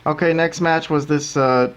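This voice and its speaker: A man's voice: fairly high pitch, steady tone, moderate pace, clear, resonant tone, highs cut off. Chatty man ranting about wrestling. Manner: talkative, ranting, mimics commentators. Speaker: podcast host. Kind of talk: casual wrestling review chat.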